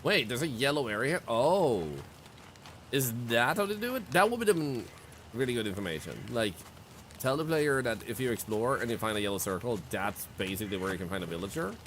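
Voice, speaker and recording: Man streaming a game, lively jumpy pitch, bright tone, swearing, faint background hiss. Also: a little fast. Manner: excitable, swearing, jokey running commentary. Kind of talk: casual game commentary. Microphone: streaming mic.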